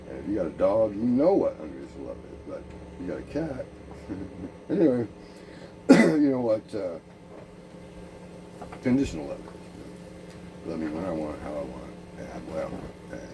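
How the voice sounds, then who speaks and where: A man's voice: rumbling low, distant mic, noisy background. A man speaking a profane, meandering monologue, full of restarts, jumping between ideas. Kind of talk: rambling monologue.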